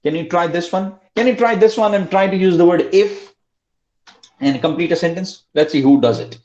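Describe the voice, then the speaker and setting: A man's voice: high-pitched, moderate pace, a little mellow, roomy sound, lo-fi sound. A male English teacher giving an online class, repeating prompts and coaxing his students to answer.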